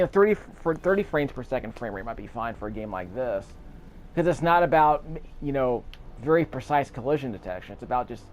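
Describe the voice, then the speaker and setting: A man's voice: medium pitch, darkish tone, a little hiss or hum. A man giving casual let's-play commentary, rambling and correcting himself as he chats over the game. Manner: rambling, self-correcting, chatty. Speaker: gameplay commentator.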